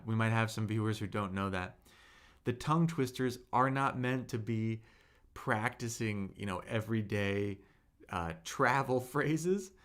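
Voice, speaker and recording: A man teaching a live-streamed Mandarin lesson, patiently drawing out tone drills and answering chat questions. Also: on the low side. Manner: slow, patient, drawn-out tone demonstrations.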